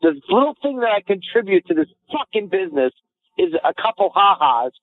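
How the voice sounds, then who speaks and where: A man hosts a podcast with brash, profane jabs at his guest, and his voice sits a touch higher than most. The sound is thin and narrow, like it is coming through a phone line. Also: very animated, brisk. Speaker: podcast host. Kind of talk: crude comedic banter. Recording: tinny phone-like audio.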